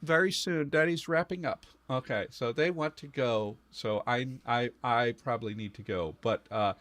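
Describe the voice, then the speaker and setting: A man hosts a casual group video call, relaxed and easygoing as he winds things up. His voice sits at a middle pitch. The sound is dry, with little room around it. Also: normal speed, no room sound. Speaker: host of the relay stream.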